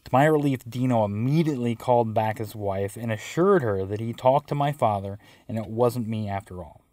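A man's voice: on the low side, fairly quick, darkish tone, no room sound. A man telling a first-person story with wry, self-mocking narration.

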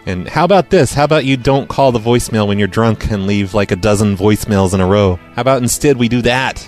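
A man's voice: lowish voice, fast talker, darkish tone, faint music behind. A man hosting a podcast, playing listener voicemails and answering them with dry, sarcastic asides. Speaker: podcast host. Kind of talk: casual voicemail show banter.

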